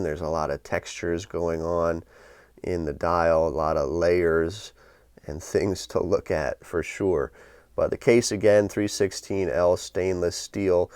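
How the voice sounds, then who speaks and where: Male host, low smooth voice, friendly casual product review, dry close sound. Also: a little mellow, dry recording. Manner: friendly, upbeat and enthusiastic. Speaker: watch review channel host.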